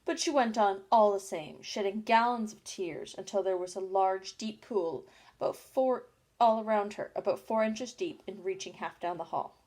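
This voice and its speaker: A woman narrating a storybook in a plain, unhurried reading with small slips. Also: medium pitch, a little mellow. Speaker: audiobook reader.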